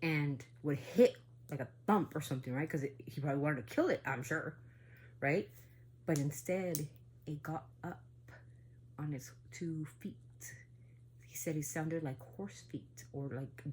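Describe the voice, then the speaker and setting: Low-voiced woman telling a rambling tale. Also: unhurried, a little hiss or hum. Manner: rambling, full of asides and "right?"; drops to a hushed, low tone for the eerie parts. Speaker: family storyteller. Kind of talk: casual spoken storytelling.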